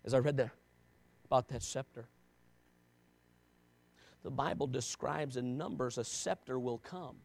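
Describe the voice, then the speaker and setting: A man preaching a sermon, moving between quiet, low passages and loud, shouted emphasis, with repeated rhetorical questions. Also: a little slow, vocal fry, pauses often.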